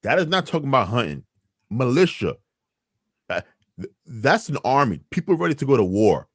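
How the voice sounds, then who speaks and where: A man hosting a podcast, arguing his opinions in an emphatic, animated way. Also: mid-range voice, moderate pace, slightly rough, no room sound, studio quality. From New York City. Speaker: podcast host.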